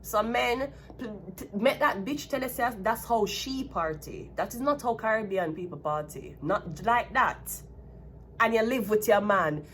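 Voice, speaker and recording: In her casual tarot reading vlog, a tarot reader from Jamaica speaks with a Jamaican accent in an expressive, fairly bright, mid-range voice, unhurried. Partway through, she launches into a heated, blunt, profane rant; there's a little hiss or hum.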